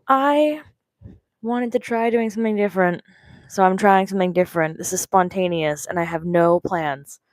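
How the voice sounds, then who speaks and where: A woman's voice: medium pitch, moderate pace, no echo, rough recording. A young woman with a morning voice, chatting in an offhand, rambling way while she crochets along on a wearable mic. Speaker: crochet maker and seller. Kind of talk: casual work-along livestream chat. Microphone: wearable microphone.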